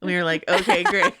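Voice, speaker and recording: A woman's voice: mid-range voice, background noise. A woman guest co-hosting a podcast, chatting casually and telling self-mocking stories. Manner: self-mocking, animated storytelling. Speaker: guest co-host.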